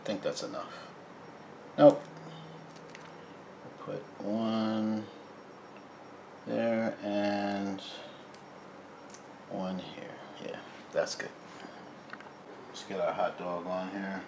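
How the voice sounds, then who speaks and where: A man hosting a casual cooking video, chatting to his viewers as "guys", quiet and mumbling while he cooks and louder when he turns to the camera. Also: lowish voice, little pitch movement, takes it slowly, pauses often, background noise. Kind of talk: casual cooking vlog chat.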